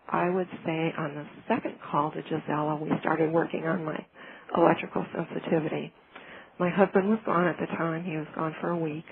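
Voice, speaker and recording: A woman sharing a personal healing testimonial in an earnest, heartfelt way, often pausing and restarting her sentences. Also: low voice. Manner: halting, with frequent restarts and fillers. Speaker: client giving a testimonial. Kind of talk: personal testimonial, casual telling. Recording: phone-like lo-fi with faint noise.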